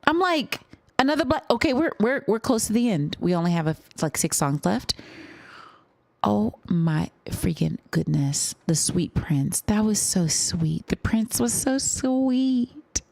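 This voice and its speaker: A young woman streaming a live music reaction, gushing and excitable, at times dropping into awed whispers. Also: mid-range voice, a little slow, creaky, dry recording.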